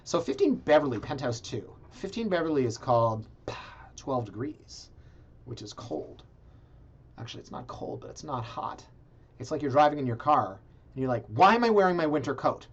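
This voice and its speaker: A man hosting a casual video, reviewing condo listings in a sarcastic, animated way and talking straight to his viewers. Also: mid-range voice, normal speed, slightly rough. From Canada. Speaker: realtor and video blog host. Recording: slightly dull, lo-fi sound.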